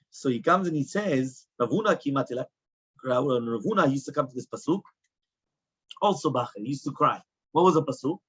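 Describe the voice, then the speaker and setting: Animated rabbi giving a Talmud class. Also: male voice, on the high side, husky, highs cut off. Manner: animated, rhetorical questions, mixes Hebrew and English. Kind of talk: Talmud lecture.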